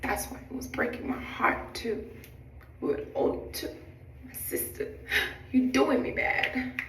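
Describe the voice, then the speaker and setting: A young woman, a flight attendant, telling a dramatic story from her job in a sassy, animated way while doing her makeup, acting out what people said. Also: fairly high pitch, measured pace. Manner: animated, dramatic retelling with acted-out quotes; blunt, sassy asides. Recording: roomy, distant, noisy background.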